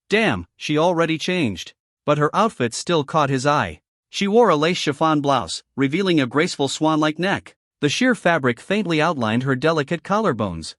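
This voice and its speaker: A man narrating a comic romance recap in an expressive scripted reading. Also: a little high, no echo, studio quality.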